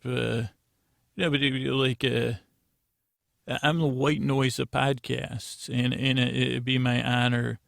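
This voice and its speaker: A man's voice: medium pitch, gravelly, no echo, studio quality. A man hosting a bedtime podcast, rambling and meandering with many restarts. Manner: meandering, self-interrupting, drowsy. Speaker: podcast host.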